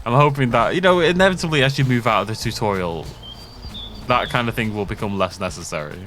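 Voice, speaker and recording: A man's voice: medium pitch, expressive, fast talker, a bit bright, slight background noise. A man giving casual gameplay commentary, joking and poking fun at himself. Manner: joking, self-mocking. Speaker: let's play gamer.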